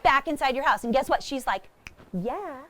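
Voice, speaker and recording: A woman giving a lively talk about wild animals to a young audience, animated and often laughing as she speaks straight to the crowd. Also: sits high, fast talker, slight background noise. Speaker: wildlife educator with animal ambassadors. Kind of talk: lively presentation to kids.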